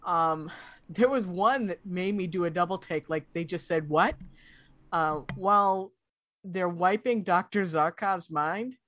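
A woman's voice: lowish voice, unhurried, fairly bright tone. Woman recounting film scenes on a podcast. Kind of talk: casual film chat.

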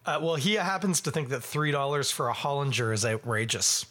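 A man from Canada hosting a podcast in casual chat, animated and quick to laugh, jumping up high when he exclaims. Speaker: podcast host.

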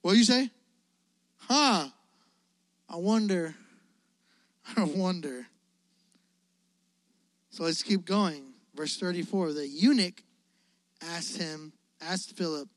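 A man's voice: high voice, slow pace, long pauses, no room sound. Male youth pastor, chatty storytelling sermon, dry sound. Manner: casual, energetic, asks the audience questions.

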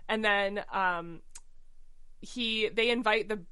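Bright-voiced chatty woman. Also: mid-range voice, smooth. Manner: chatty, quick paraphrasing with mock quotes and laughs. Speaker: podcast co-host. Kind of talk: casual chat recapping a musical.

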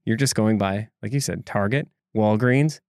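Here a man with a lowish, darkish voice talks at normal speed, captured in clean studio sound without echo. As a podcast co-host, he walks through a local news story in a relaxed, chatty way, with side comments and restarts.

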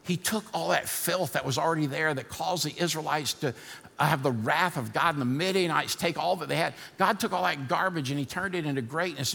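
A male pastor preaching a sermon in a church, building to fired-up shouting and easing into a softer prayer. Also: a little high, creaky, slightly rough, long reverb tail. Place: church sanctuary.

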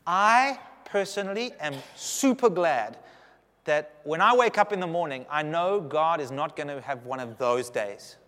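Pastor, animated and joking, preaching in a reverberant hall. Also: male voice, a little high, a little slow. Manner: humorous, animated preaching with audience asides. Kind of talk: sermon. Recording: long reverb of a big hall.

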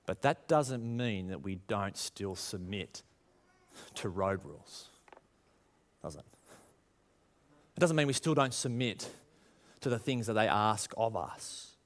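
A man's voice: on the low side, animated, slow, long pauses. A man, preaching a conversational sermon to his congregation and rising in emphasis as he tells stories. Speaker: pastor.

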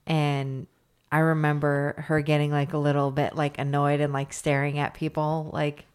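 A young adult woman co-hosting a podcast, sleepy and yawning, talking in a halting way with many fillers. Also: low-pitched, level tone, darkish tone, clean tone. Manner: halting, filler-heavy, apologetic. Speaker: podcast co-host. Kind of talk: casual chat.

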